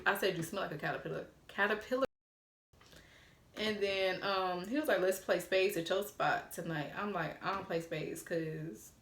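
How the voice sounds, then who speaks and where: Speaking in a lowish, fairly bright voice, she narrates bluntly and casually, dropping swear words and imitating the texts she received. An echoey room colors the sound.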